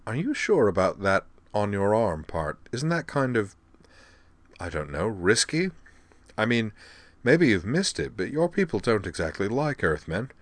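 A tired young man, dry in his humor and hesitant when unsure, as the narrator voices him. The voice is low and close, in a dry recording. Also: sing-song, a little slow, no room sound. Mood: dry nervous. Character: weary, nervous young human man.

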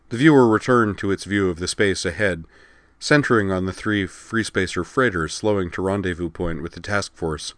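A man reading scripted narration of a science fiction story in a steady, even way. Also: low-pitched, normal speed, dry recording.

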